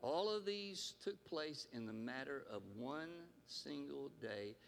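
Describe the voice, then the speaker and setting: Preacher in a reverberant hall. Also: male voice, medium pitch, big pitch swings, slow, gravelly, a little hiss or hum. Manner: storytelling, paraphrasing scripture in voices. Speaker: pastor. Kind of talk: sermon.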